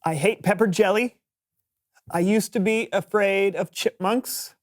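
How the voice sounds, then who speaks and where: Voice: mid-range voice, unhurried. Cheerful, matter-of-fact, kids' show banter.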